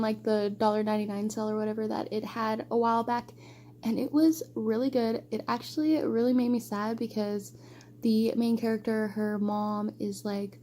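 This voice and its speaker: A young female book vlogger chats casually in a book wrap-up, gushing emotionally about what she read and wandering into plenty of rambling asides. Her voice is fairly high and warm, with a faint hiss or hum in the background.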